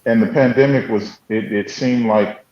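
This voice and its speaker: Low-voiced reflective man in echoey room. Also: fairly even intonation, a little mellow. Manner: slow, reflective, halting. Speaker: radio show guest. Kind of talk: casual group chat on radio. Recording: dull echoey room sound.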